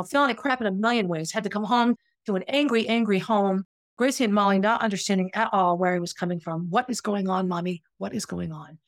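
A woman's voice: medium pitch, no echo, clean studio sound. A middle-aged woman hosting a podcast, telling her own story in a candid, reflective, confessional way. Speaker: podcast host. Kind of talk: personal storytelling.

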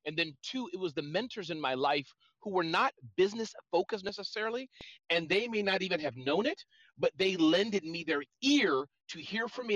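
Man, earnest and rambling, bright forceful tone, slightly higher pitch, dull dry lo-fi audio. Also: dry recording. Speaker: audio room speaker. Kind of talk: casual live talk.

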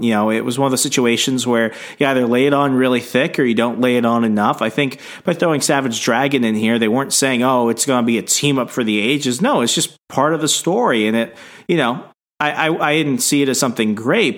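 A man's voice: mid-range voice, fairly bright tone. A man co-hosting a comics podcast, reasoning his opinions aloud in a thoughtful, casual way. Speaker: podcast co-host. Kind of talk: casual chat.

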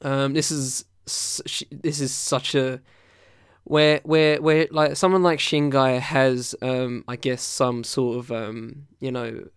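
Rambling male host with a smooth, dry voice. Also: medium pitch, fairly even intonation, slow pace, no room sound. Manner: rambling, loose, full of fillers and restarts. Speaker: podcast host reviewing albums. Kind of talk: casual chat.

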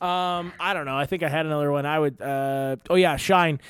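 A man's voice: fairly high pitch, steady tone, fairly quick, smooth, dry recording. A young man, a comedian and co-host, telling stories casually and swearing freely. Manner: rambling storyteller, swears freely. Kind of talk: casual chat.

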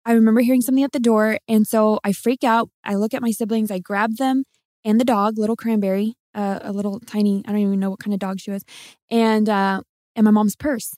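A young adult woman co-hosting a podcast, telling personal stories in a soft-spoken way with frequent laughs. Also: mid-range voice, steady tone, brisk, no room sound, clean studio sound. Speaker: podcast co-host. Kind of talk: casual storytelling chat.

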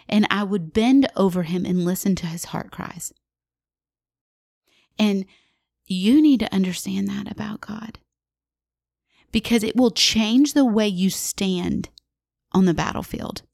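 A woman's voice: mid-range voice, animated, measured pace, creaky, long pauses, a little mellow, no echo, clean studio sound. A woman in her forties gives heartfelt faith teaching as a podcast guest, earnest and intimate, asking the listener questions and sometimes dropping to a whisper. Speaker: guest speaker on a Christian parenting podcast.

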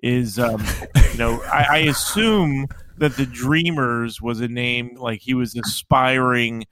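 A man's voice: mid-range voice, takes it slowly, fairly bright tone, slight background noise. A man co-hosting a casual podcast chat, wry and joking, often laughing at his own lines. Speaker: podcast co-host. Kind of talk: casual chat about fantasy baseball.

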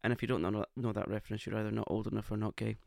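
A man's voice: fairly low pitch, fairly even intonation, very fast, vocal fry, darkish tone, no echo, studio quality. A man co-hosting a casual podcast, camp and playfully teasing. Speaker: podcast co-host. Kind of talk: casual chat. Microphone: podcast microphone.

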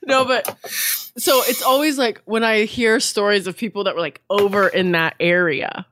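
A woman podcast host and personal trainer chatting casually, laughing often and reacting with quick exclamations. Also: medium pitch, fairly even intonation, fairly bright tone, a little hiss or hum. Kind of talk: casual chat.

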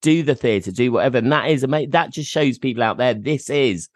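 A man's voice: medium pitch, brisk, dry recording, studio quality. A man from the UK hosting a casual interview, enthusiastic and encouraging toward his guest. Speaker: podcast host.

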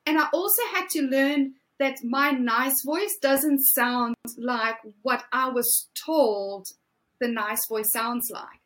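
Slow, high-voiced woman in her forties. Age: 40s. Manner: emphatic, animated, drawn-out phrasing. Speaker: guest, fear coach. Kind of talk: motivational interview talk.

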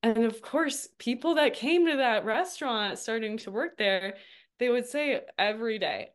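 A woman's voice: a little high, normal speed. A woman in her thirties telling her story as a guest in a casual interview, chatty and laughing often. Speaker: guest, registered dietitian.

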